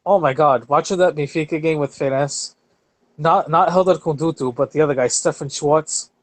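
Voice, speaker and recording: A man's voice: fairly high pitch, moderate pace, dry recording. A male podcast co-host chatting casually, full of fillers and losing his train of thought.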